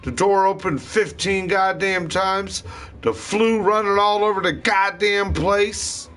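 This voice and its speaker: A man's voice: high voice, slow pace, fairly bright tone, faint music behind. A man ranting in a rambling, disjointed way, swearing constantly as he talks to camera. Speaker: vlogger. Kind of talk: rambling profane rant to camera.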